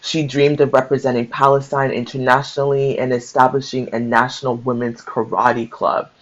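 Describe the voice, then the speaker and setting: A man's voice: mid-range voice, flat delivery, moderate pace. A man sharing a book aloud, mixing passages he reads with casual, emotional commentary of his own. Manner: conversational, mixes reading aloud with emotional asides. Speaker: book-share host. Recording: dull lo-fi sound.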